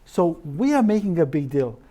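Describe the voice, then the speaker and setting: A man giving an informal lecture as a naturopathic doctor, halting with many fillers and restarts, often turning to the audience with rhetorical questions. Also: on the high side, very animated, mellow.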